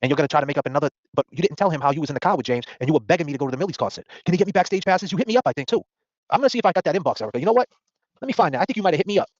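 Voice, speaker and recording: A man in his forties hosting a podcast, ranting with confrontational, mocking rapid-fire questions. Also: a little high, animated, no echo. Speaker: host. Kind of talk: heated podcast rant. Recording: dull dry lo-fi audio.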